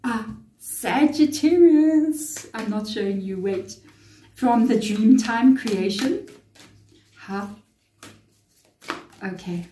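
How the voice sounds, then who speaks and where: Earnest tarot lady giving advice, mellow voice, bit of room echo. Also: mid-range voice, slight background noise. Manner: earnest, motherly advice, talks straight to the viewer. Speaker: tarot reader. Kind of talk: casual spoken tarot reading.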